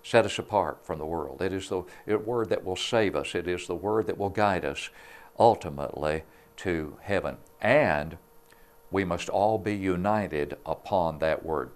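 Deep-voiced preacher guy, slow earnest bible talk on tv. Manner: earnest, measured Bible exposition. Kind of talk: devotional sermon.

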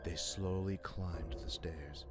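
A man narrating a scary story in a hushed, suspenseful way. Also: low voice, steady tone, slow pace. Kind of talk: scripted spooky storytelling. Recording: music under the narration.

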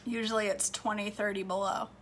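A woman's voice: medium pitch, flat delivery, a little fast, a bit bright, slight background noise. A woman chatting casually in her home kitchen for a cooking vlog, laughing now and then and trailing off. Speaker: vlogger.

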